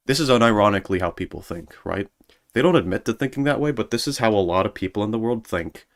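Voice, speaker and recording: A man's voice: mid-range voice, animated, fast talker. A man streaming as a VTuber, rambling sarcastically in a casual monologue and mocking people in put-on voices.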